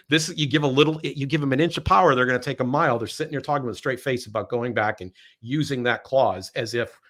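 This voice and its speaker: Man, podcast host, political commentary, sarcastic, emphatic, middle pitch. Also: quick pace, a bit bright. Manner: sarcastic, emphatic, repeats words when building a point.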